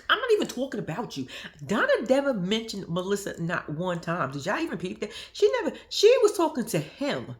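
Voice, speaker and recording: A young woman talks through a reality-show episode in loose, profane commentary. Her pitch swings all over as she laughs and acts out the people she quotes, and then she drops back to flat asides. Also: fairly quick. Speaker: reaction vlogger.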